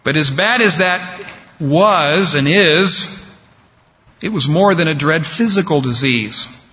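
A man delivers a sermon at an unhurried, deliberate pace, letting pauses land. His voice is bright and a little high. The sound is muffled and dull, with a long reverb trailing off through a large hall. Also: expressive, slight background noise. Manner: slow, deliberate preaching with dramatic pauses. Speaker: preacher.

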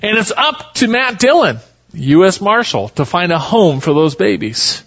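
A man's voice: sits high, very animated, measured pace, a bit bright, dull audio. A male pastor preaching a sermon in a folksy, storytelling way.

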